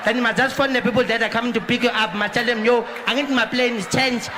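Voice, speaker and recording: A squeaky, very high female airport gate announcer, as a male comedian puts her on, rambles in broken English. She repeats every announcement and laughs through them, heard live from a comedy stage with a noisy crowd behind. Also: fairly even intonation, quick pace. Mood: rambling. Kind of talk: stand-up comedy impression. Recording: live room noise with crowd.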